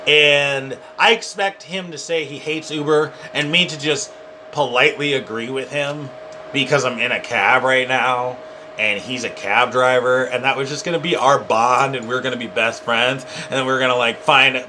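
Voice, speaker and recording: A young man telling a funny personal story to camera in a rambling, animated way, full of "like". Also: mid-range voice, a little hiss or hum. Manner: rambling, animated, heavy use of "like". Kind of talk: casual comedic storytime.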